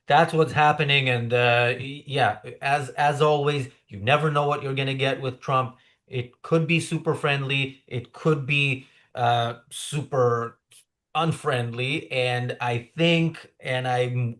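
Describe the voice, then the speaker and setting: A man's voice: mid-range voice, a bit bright. A man hosting a live online political talk show, speaking casually with many fillers and restarts. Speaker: host.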